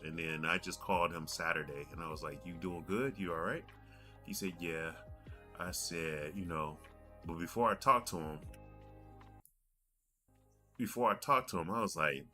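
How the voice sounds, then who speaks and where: On his gaming podcast, a man in his forties tells a rambling story in a low, bright voice with a forceful tone. The host doubles back and repeats himself as he goes, in a casual monologue.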